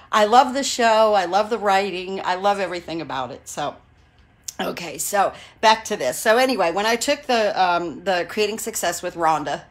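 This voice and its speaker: A woman in her sixties hosting a casual live craft stream, chatty and digressive, gushing with enthusiasm and greeting viewers by name as she goes. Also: mid-range voice. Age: 60s.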